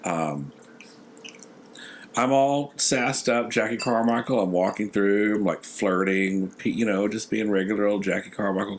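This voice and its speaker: A man's voice: lowish voice, a little slow, a little hiss or hum. A man from Texas with a Texan accent, co-hosting a podcast and telling stories in a sassy, profane, casual way. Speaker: podcast co-host. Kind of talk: casual chat.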